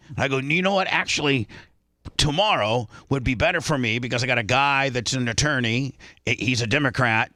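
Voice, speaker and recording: Man, radio host, rambling storyteller, bright tone, dry close sound. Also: mid-range voice, a little fast, no room sound. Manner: rambling storyteller with many restarts. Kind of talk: casual radio talk.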